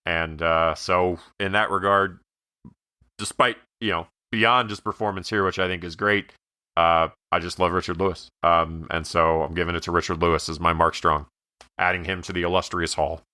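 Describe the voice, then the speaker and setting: A man co-hosting a podcast in casual chat, retelling scenes with animated energy. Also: moderate pace, smooth, no room sound, studio quality. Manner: animated storyteller, acts out quoted scenes at a much higher pitch. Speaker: podcast co-host.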